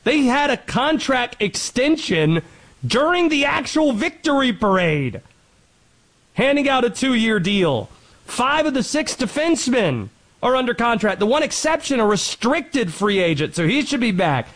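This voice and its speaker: A man hosting a sports show, delivering a lively commentary monologue and quickly rattling off statistics. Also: very high-pitched, rough recording. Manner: animated, quick rattling off of stats.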